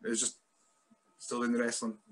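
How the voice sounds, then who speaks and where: A man's voice: medium pitch, monotone, moderate pace. A Scottish man hosting a wrestling podcast, chatting casually in a rambling, self-mocking way. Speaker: podcast host.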